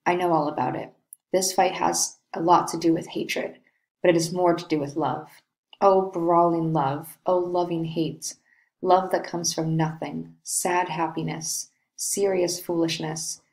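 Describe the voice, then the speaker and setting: A woman's voice: fairly low pitch, steady tone, a little slow, a little mellow, rough recording. A brooding young lovesick nobleman, read by a woman. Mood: melancholy. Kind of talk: reading a play aloud.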